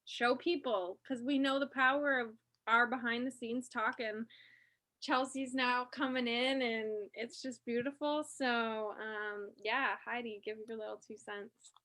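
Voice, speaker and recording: A woman's voice: fairly high pitch, steady tone, a little slow, bright, forceful tone. A woman co-hosting a casual heart-to-heart chat, chatty and swearing as she tells stories on herself. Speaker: co-host.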